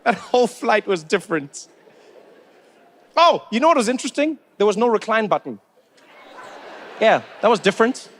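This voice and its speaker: A man's voice: high voice, sing-song, moderate pace, long pauses. A man in his forties from South Africa doing stand-up comedy, telling stories with incredulous rising questions.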